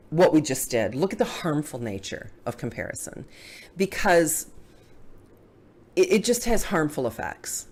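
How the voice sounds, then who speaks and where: A middle-aged woman hosting a live video chat, answering viewer comments as she talks. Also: low voice. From Dallas area, US. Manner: animated, reading viewer comments aloud. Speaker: host.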